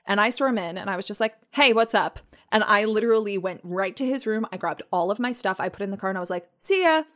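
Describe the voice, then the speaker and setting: Animated young woman telling a story. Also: medium pitch, quick pace. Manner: animated, acts out quoted voices. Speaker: podcast co-host. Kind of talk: casual storytelling chat.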